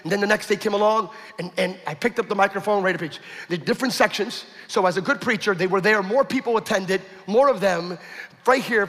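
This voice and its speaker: A man preaching a sermon, telling a story with acted-out quotes and building to shouts. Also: sits high. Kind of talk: sermon testimony. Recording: echoey hall with long reverb.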